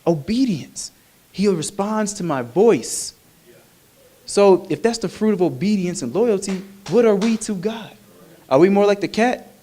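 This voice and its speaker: High-voiced man preaching with humor. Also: measured pace. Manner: animated, humorous, conversational preaching. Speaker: minister. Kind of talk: sermon.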